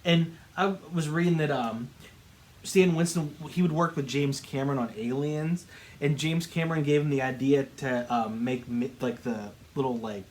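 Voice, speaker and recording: A man's voice: medium pitch, fairly even intonation, a little mellow, slight background noise. A man co-hosting a podcast, rambling chattily about movie trivia in a casual conversation. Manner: rambling, chatty, quick to laugh. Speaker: podcast co-host.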